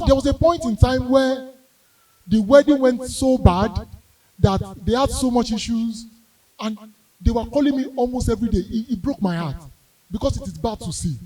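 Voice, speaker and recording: A young Nigerian comedian with a Yoruba-flavored accent spins his stories in a high, bright voice. He acts out the characters, swinging from quiet asides to shouted wails. He sounds a little distant from the microphone. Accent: Nigerian English with Yoruba. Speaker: stand-up comedian. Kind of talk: storytelling stand-up comedy.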